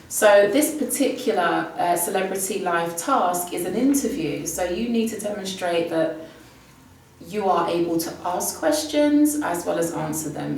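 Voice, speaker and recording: A woman's voice: lowish voice, vocal fry, a little mellow, slight background noise. A woman teaching Spanish, giving an upbeat, emphatic exam prep lesson. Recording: distant mic with heavy room echo.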